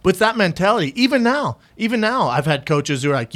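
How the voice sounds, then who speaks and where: Male co-host, a bit high-pitched, crude banter. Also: very animated, fast talker, a bit bright. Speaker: podcast co-host. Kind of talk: casual podcast chat.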